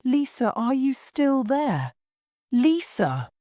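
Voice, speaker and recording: A woman's voice: deep voice, expressive, fairly quick, warm tone, dry recording, clean studio sound. A woman reading the part of an urgent, worried young woman pleading for help in a graded story reading.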